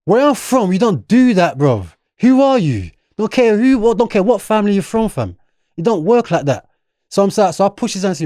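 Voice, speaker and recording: Young South London guy, slightly high voice, lively casual storyteller acting out quotes. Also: fairly quick, no echo, clean studio sound. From London, England. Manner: animated, street slang, acts out quotes. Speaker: podcast guest.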